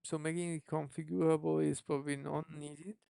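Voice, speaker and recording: Developer streaming live code, thinks aloud, heavy vocal fry, dry close sound. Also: mid-range voice, level tone, dark tone, no room sound. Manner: musing, self-questioning, unhurried.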